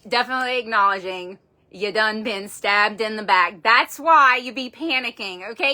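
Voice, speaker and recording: Lady doing a tarot reading live on her phone, super bright voice, folksy and emphatic, cusses casually. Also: medium pitch, normal speed. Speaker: tarot reader.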